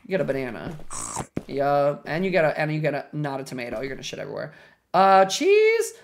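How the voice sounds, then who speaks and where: A young woman streams a horror game and chats with her viewers. Her pitch is very animated and swings all over, jumping to loud shrieks at scares. Faint noise sits behind her desk mic. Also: brisk, creaky. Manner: chatty, reacts loudly, shrieks when scared. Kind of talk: live game stream commentary.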